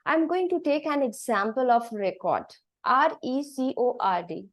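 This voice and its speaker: A woman's voice: fairly high pitch, animated, measured pace. A woman with an Indian accent, an English trainer patiently explaining grammar and pronunciation, slipping Hindi phrases into her English.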